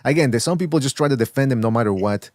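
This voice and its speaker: A man's voice: medium pitch, animated, very fast, a little mellow, no room sound, studio quality. A man hosting a podcast, bantering animatedly and laughing often as he talks. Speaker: podcast host. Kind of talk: casual boxing banter.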